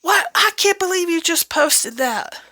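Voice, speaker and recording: A woman voicing a shocked parent who scolds a grown child in a very high, indignant voice. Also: expressive, a little slow, bright, forceful tone, heavily acted.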